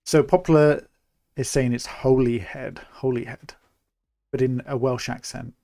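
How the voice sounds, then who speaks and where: A young man from England giving relaxed, chatty live commentary while he plays a city-building game, thinking aloud as he goes. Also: medium pitch, normal speed, creaky, dry recording. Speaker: streamer.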